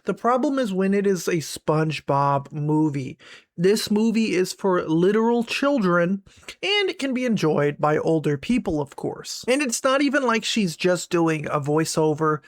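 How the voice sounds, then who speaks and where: A man's voice: sits high, sing-song, measured pace, no room sound, studio quality. A young man ranting in a sarcastic, mocking commentary voice. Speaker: commentary YouTuber.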